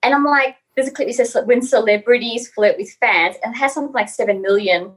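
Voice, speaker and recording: A woman from Australia, a guest on a casual podcast interview, telling stories in an animated, giggly way with many fillers. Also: on the high side, brisk, poor audio.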